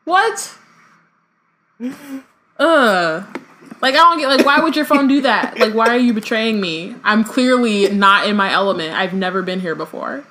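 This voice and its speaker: American woman co-host, casual and profane, bright voice, reads prose aloud. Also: a little high, measured pace, a little hiss or hum. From United States. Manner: swears casually, reads a book aloud with asides. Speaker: podcast co-host. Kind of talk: casual chat and reading aloud.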